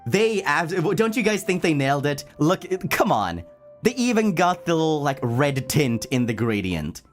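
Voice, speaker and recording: A man chatting casually on a livestream, playful and animated, reading chat aloud and answering it, laughing often and tripping over words when excited. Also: fairly high pitch, normal speed, faint music behind. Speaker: streamer.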